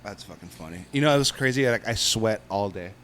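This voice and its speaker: A man's voice: lowish voice, animated, brisk, a loud crowd. A man chatting casually on a podcast, laid-back and profane. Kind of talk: casual chat.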